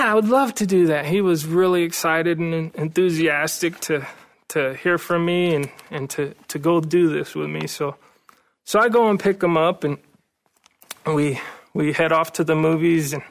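A man giving a personal recovery testimony at a meeting, earnest and halting, often repeating words as he goes. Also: on the high side, a bit bright.

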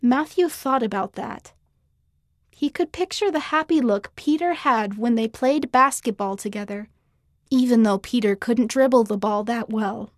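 A woman reads a children's story aloud, shaping each scene with clear, expressive storytelling. Her voice sits a little high, and the studio sound is dry and close. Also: measured pace, no room sound. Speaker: narrator. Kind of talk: scripted children's story narration.

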